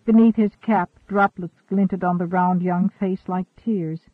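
High-voiced man narrating a story. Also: fairly even intonation, measured pace, dry recording. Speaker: audiobook narrator. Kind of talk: scripted narration. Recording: tinny narrow-band recording.

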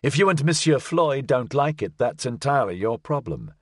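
A man voicing a young woman who is defiant and sharp-tongued, in an audiobook. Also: mid-range voice, sing-song, normal speed, no echo, clean studio sound. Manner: assertive, indignant.

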